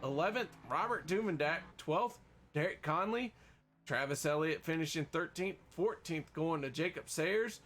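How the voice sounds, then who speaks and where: A man's voice: fairly high pitch, animated, moderate pace, fairly bright tone, soft background music. Upbeat man announcing race results. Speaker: race broadcaster. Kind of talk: post-race interviews and results.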